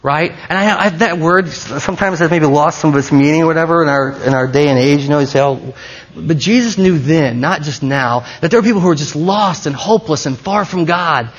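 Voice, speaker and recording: Conversational preacher man, slightly high. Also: slightly rough, highs cut off. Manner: conversational, playful preaching with halting restarts. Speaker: pastor. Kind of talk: sermon.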